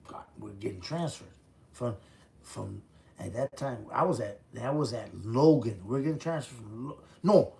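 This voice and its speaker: Man in his fifties, gravelly voice, mid-pitched, blunt profane storyteller, casual tone. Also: animated, normal speed, dark tone. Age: 50s. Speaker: former prisoner telling his story.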